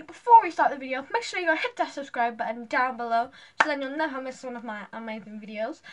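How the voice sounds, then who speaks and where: A young woman, chatting casually and gushing through a haul video with lots of fillers. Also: sits high. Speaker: vlogger.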